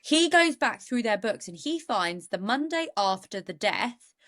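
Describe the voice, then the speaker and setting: A woman's voice: a little high, very animated, unhurried, fairly bright tone. A woman, co-hosting a podcast and casually retelling a true-crime case with jokey asides. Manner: chatty, goes off on jokey asides. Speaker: podcast co-host.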